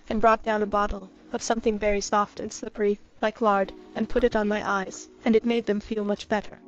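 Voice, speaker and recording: Woman reading an old kids' story, even steady tone, bit muffled, soft music behind. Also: mid-range voice. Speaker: audiobook reader. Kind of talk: scripted storybook narration. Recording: slightly muffled with faint music.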